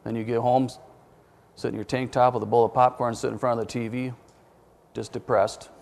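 A man's voice: medium pitch, flat delivery, fairly quick, vocal fry, darkish tone. A man preaching a sermon in a conversational way, quizzing his listeners with questions and dropping self-deprecating asides.

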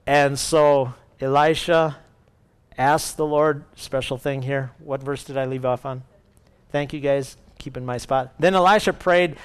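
A male pastor preaching and reading scripture aloud, expressive and acting out quoted speech. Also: a little high, a little slow, clean tone. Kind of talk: sermon with Bible reading.

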